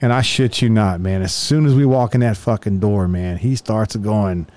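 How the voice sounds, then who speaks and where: A man's voice: on the low side, moderate pace, a little mellow. A man, a police officer, casually telling a rambling, profane story and raising his voice to act out the people he quotes.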